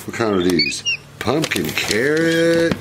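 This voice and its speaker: A man's voice: mid-range voice, sing-song, slow pace. A man hosting a pet vlog, chatting playfully and coaxingly with his pet while opening mail at home. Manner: playful, coaxing, chuckles often. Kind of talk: casual chat with a pet while unboxing. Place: home living room. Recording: noisy home video.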